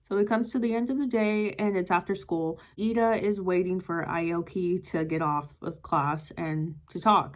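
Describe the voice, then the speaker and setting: A woman's voice: medium pitch, animated, normal speed, a little mellow. A young woman casually reviewing a manga, retelling the plot in a chatty way full of "like" and "yada yada". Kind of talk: casual book review vlog.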